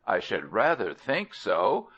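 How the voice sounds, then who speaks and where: Man reading as a grumbling resentful elephant, scornful, low unhurried voice, lo-fi sound. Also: wildly swooping pitch, fairly bright tone, heavily acted. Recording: dull lo-fi recording.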